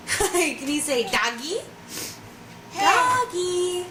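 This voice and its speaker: A woman coaxing a baby at home in slow, high, sing-song baby talk. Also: big pitch swings. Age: adult. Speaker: parent talking to a baby. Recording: echoey room with background noise.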